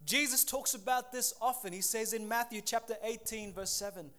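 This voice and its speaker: High-voiced man preaching a lively sermon. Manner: animated, acts out quick voices, laughs at himself. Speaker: pastor.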